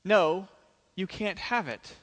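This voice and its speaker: A man's voice: sits high, slow, a bit bright, long reverb tail, heavily acted. A man playing a petulant greedy king. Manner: petulant, whining. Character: sulking greedy grown king.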